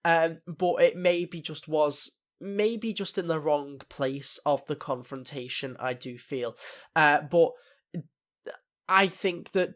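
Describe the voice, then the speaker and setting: A man's voice: on the high side, takes it slowly, fairly bright tone. A young man giving a casual spoken TV episode review, rambling with many fillers and restarts. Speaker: TV review vlogger.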